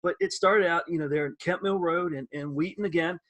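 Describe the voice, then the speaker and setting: A man's voice: a little high, brisk. A middle-aged man, a former radio producer, co-hosting a nostalgic casual chat and animatedly telling stories. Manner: animated storyteller who acts out quoted voices.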